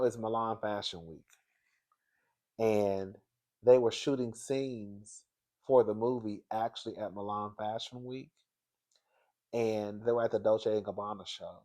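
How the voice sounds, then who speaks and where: A man hosting a casual pop culture gossip vlog, animated and chatty, who calls his viewers girl and baby and jumps into a high, laughing voice when he gets excited. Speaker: vlog host.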